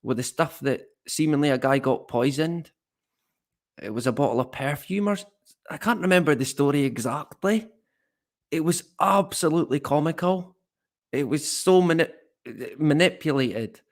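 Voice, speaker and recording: A man's voice: fairly high pitch, normal speed. A man hosting a live stream, talking casually and rambling, mocking the stories he covers, swearing now and then, and reading out the chat.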